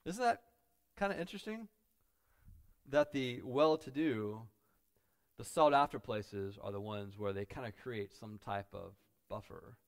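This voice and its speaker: A man preaching a sermon as pastor, dropping to quiet asides and building to loud, emphatic peaks. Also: mid-range voice, measured pace, clean tone.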